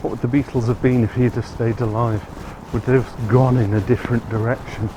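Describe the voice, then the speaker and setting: A man's voice: mid-range voice, little pitch movement, a little fast. A man giving a chatty, rambling walking tour of city streets outdoors, often correcting himself. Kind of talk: casual walking-tour narration. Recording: outdoor street recording with traffic noise.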